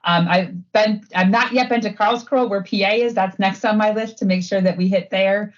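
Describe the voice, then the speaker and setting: A woman's voice: medium pitch, fairly even intonation, normal speed, dull audio. A middle-aged woman from Wisconsin, chatting casually as an interview guest and filling her talk with "um" and "like". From Wisconsin, USA. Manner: chatty, frequent fillers and laughs. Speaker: guest, head of sustainability.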